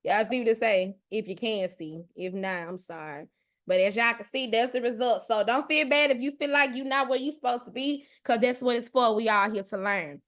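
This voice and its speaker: A woman in her thirties with a Mississippi accent hosts a live online class. Her voice sits high, and she talks in a loud, brash, cussing way that stays playful and chatty. She is recorded on a computer mic in a live video session. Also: brisk. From Mississippi, USA. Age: 30s. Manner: loud, profane, playful, talks straight to the chat. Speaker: host, online class teacher.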